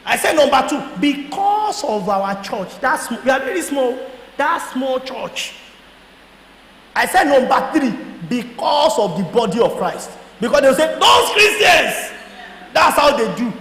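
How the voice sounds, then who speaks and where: A Nigerian man telling a lively personal testimony to a church audience, acting out both sides of his conversations, at times laughing and shouting. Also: extremely high pitch, measured pace. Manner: storytelling, acts out dialogue, laughs and shouts. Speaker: guest speaker. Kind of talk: animated testimony talk. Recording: echoey hall with faint noise.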